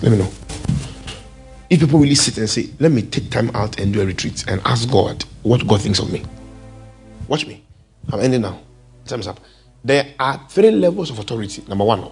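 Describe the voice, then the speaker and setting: A man's voice: mid-range voice, gravelly. A man preaching a sermon and calling out to the congregation. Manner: animated, calls out to the congregation.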